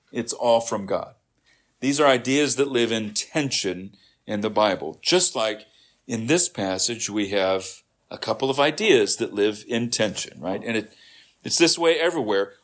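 A male preacher delivering a sermon at a medium pitch. He talks it through conversationally, restarting phrases and checking in with his congregation as he explains.

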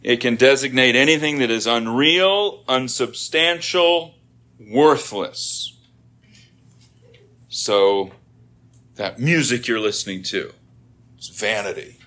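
A man's voice: mid-range voice, lively intonation, slow pace, long pauses, bright, forceful tone. A middle-aged man preaching a sermon in a conversational teaching manner, rising to emphatic points.

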